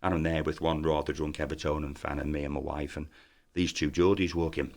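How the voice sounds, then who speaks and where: A man in his fifties, a former footballer, telling lively anecdotes in a podcast interview and acting out other people's lines. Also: very deep voice, fairly quick. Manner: lively storyteller who acts out voices in his tales.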